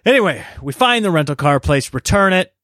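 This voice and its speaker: A man with a fairly high voice rants in exasperation, telling a story casually on a podcast mic. The sound is dry and close, with no room echo. He pokes fun at himself as he goes. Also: fairly quick. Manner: animated, exasperated ranting; self-deprecating, laughs at himself. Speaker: podcast host.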